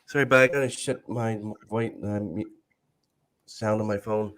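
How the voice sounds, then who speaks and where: Halting male host clearing his throat. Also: on the low side, steady tone, fairly bright tone. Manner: halting, apologetic, restarts often. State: getting over bronchitis, clears throat. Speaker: podcast host. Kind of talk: casual interview questions.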